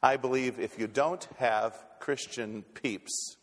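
In a church sanctuary, a pastor with a mid-range voice preaches slowly in a folksy way. He stumbles on repeated words as he restarts, and the church hall adds a long reverb.

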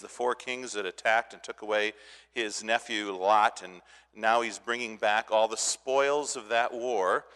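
A man preaching a sermon in earnest, swelling loud at times and dropping low, with frequent restarts. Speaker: pastor. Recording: long hall reverb.

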